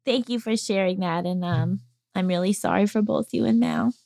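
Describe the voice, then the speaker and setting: A woman's voice: medium pitch, moderate pace, vocal fry, dark tone, no echo, studio quality. A woman co-hosting a podcast, listening attentively and responding supportively. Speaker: podcast co-host. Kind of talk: casual podcast chat.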